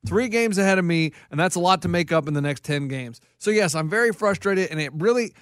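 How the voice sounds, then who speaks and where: High-voiced boastful man. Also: expressive, fairly quick, a bit bright, no echo, clean studio sound. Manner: boastful, frustrated, stammering restarts. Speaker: podcast co-host. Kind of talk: casual sports chat.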